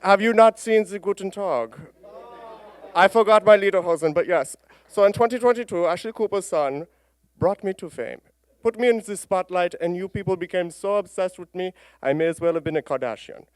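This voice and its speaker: A man voicing a sassy, boastful male celebrity goose mascot in a campy comic skit, with a smooth, clear voice. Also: sits high, normal speed, no echo, close to an everyday voice.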